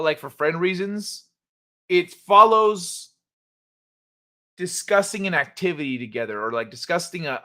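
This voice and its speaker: A man's voice: high-pitched, pushed and bright. A man hosting a casual livestream, rambling and joking with his chat. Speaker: livestream host.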